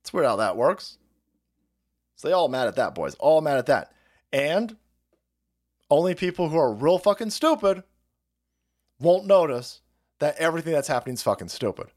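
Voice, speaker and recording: A man's voice: a little high, normal speed, pauses often. A man hosting a livestream, ranting in a profane, mocking way and putting on voices to mimic the people he attacks. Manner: foul-mouthed, animated, mocking voices of opponents. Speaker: livestream host. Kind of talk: profane political rant.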